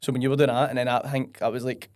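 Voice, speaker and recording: A man's voice: mid-range voice, level tone, rapid-fire, a little mellow. A young man with a West of Scotland accent, a podcast guest chatting casually and bluntly, swearing and using lots of fillers. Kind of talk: casual chat.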